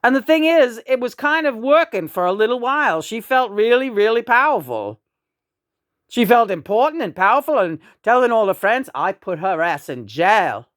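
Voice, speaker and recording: A woman's voice: on the high side, big pitch swings, normal speed, no echo, clean studio sound. A woman in her sixties chatting casually in a rambling, profane way, often breaking into chuckles. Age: 60s. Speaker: vlogger.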